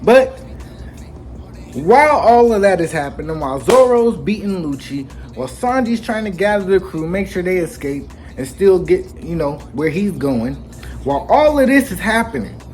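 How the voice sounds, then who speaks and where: A man hosting a casual anime chapter recap, telling it with lively slang and acting out the characters. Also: high voice, moderate pace. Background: faint background music.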